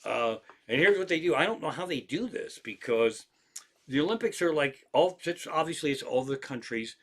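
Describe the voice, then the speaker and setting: Fairly high-pitched and speaking at normal speed, a comedian hosts a livestream from an armchair at home. He tells loose, rambling tales that are lively and constantly profane.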